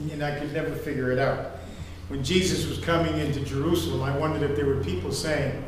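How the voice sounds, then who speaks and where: A man's voice: on the high side, fairly quick. Older guy preaching, chatty and rambly, long church reverb, faint hiss behind. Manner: rambling, conversational storytelling with fillers. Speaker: pastor. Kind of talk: sermon. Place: church sanctuary. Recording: echoey hall from far off, faint ambience.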